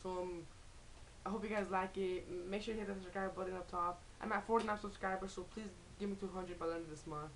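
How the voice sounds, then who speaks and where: A woman's voice: medium pitch, fairly even intonation, quick pace, a little hiss or hum, poor audio. A young woman in a casual comedy vlog, rambling and swearing with many restarts. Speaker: vlogger.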